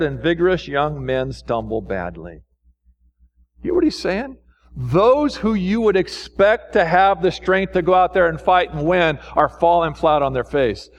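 Firing off one rhetorical question after another, a pastor delivers a fervent sermon. When he exhorts the congregation, his voice climbs higher.

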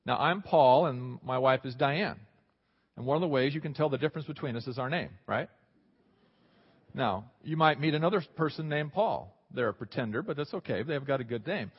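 A man preaching a sermon as a pastor, animated, swinging between quiet asides and loud exclaims. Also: medium pitch, a little fast, breathy edge. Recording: dull sound with long hall reverb.

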